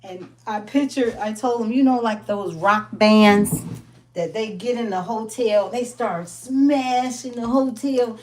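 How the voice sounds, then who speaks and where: A woman giving a casual motivational wellness talk, animated and full of laughter as she acts out stories. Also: fairly high pitch, takes it slowly, slight background noise. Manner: animated storytelling, laughs often, acts out quotes. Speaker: wellness business owner.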